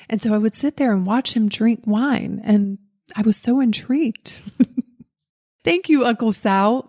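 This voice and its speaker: A woman's voice: mid-range voice, darkish tone. A woman with a Southern US accent hosting a podcast, telling a personal story in a candid, self-deprecating way and laughing at herself. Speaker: podcast host.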